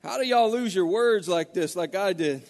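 A man preaching as a guest pastor, folksy and halting, with many restarts. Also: sits high, lively intonation, a little mellow. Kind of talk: sermon with storytelling. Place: church sanctuary. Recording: long church-hall reverb.

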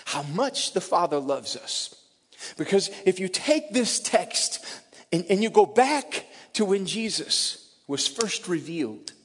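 A middle-aged male pastor delivers a tearful, emotional sermon, his voice sitting notably high. He builds to loud, emphatic peaks and then drops to soft near-whispers. The sound carries the long reverb of a large church hall.

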